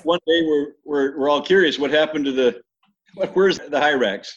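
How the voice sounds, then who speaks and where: An older man tells stories in a loose, rambling way, full of restarts and asides. His voice is a little husky, and the recording sounds dull and lo-fi. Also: fairly high pitch, moderate pace. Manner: rambling, many restarts, imitates animal screams. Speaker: interviewee recalling mission life. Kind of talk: casual storytelling.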